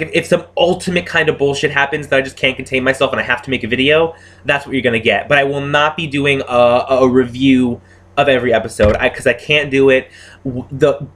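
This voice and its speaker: A man's voice: mid-range voice, fairly even intonation, a little fast, a bit bright. A young man giving a casual, exasperated rant reviewing a TV episode, swearing freely and exclaiming often. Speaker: TV show reviewer.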